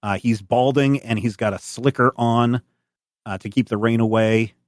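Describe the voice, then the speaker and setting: A man running a tabletop game as game master, narrating scenes in a relaxed, descriptive way with frequent fillers. His voice sits at an ordinary pitch, and the sound is dry and close. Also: normal speed, no room sound.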